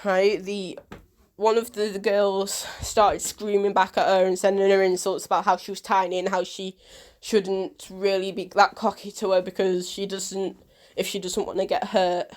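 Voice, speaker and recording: A woman telling a personal story to her vlog camera, animated, and acting out the dialogue. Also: medium pitch, normal speed. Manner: animated storyteller who acts out quoted dialogue.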